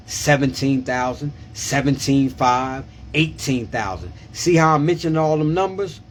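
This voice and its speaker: A man's voice: medium pitch, slight background noise. Emphatic man on a casual livestream. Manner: emphatic, repeats himself and asks "you understand?". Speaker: tax preparer and coach. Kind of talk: casual live-stream talk.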